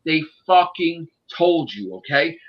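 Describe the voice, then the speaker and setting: A man's voice: a little high, animated, slow. A man casually discussing a movie on a podcast in a ranting, profane and emphatic way. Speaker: podcast host. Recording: dull lo-fi sound.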